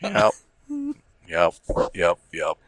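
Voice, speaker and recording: A man's voice: deep voice, wildly swooping pitch, drawn-out words, a bit bright, no echo. Middle-aged guy on a podcast, cussing and ranting, dry close mic. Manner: profane, ranting storyteller who gets worked up. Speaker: podcast co-host. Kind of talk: casual podcast chat.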